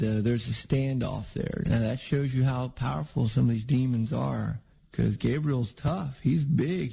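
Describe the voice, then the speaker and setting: Gravelly, husky male preacher. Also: mid-range voice, warm tone, rough recording. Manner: conversational, rambling, with frequent restarts. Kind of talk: sermon.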